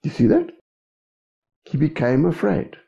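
A man's voice: on the high side, wildly swooping pitch, unhurried, creaky, mellow. A man preaching a sermon, who keeps checking in with his congregation. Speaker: pastor. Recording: dull lo-fi recording.

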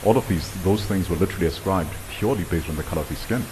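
A South African man with a very low voice presents at a conference workshop. He puts direct questions to the room and explains his point step by step. A steady hiss sits under the recording. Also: racing. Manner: probing, questions the audience directly.

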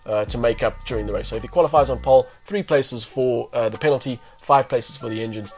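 A man's voice: medium pitch, fast talker, a little mellow, faint music behind. A man who is a guest pundit, talking through race predictions in a podcast chat, thinking aloud with fillers.

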